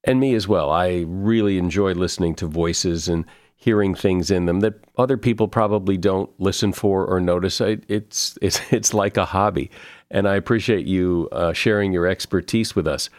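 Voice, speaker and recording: Brief: measured male host, lowish voice, dry close sound. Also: no room sound. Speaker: podcast host. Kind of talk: interview conversation.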